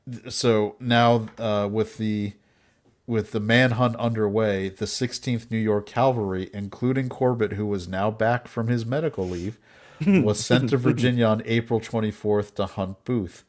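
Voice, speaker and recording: A man's voice: lowish voice, steady tone, a little slow. A man hosting a casual comedy podcast, narrating history between jokes and frequent laughter. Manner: laughs often, jokey asides between narration.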